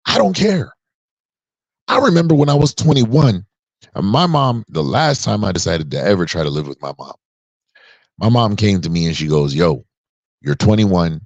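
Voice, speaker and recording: A man's voice: fairly low pitch, lively intonation, moderate pace, pauses often, no echo, lo-fi sound. A man around forty giving an emphatic, preachy opinion monologue on a podcast. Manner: emphatic and preachy, drawing out key words. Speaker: podcast commentator.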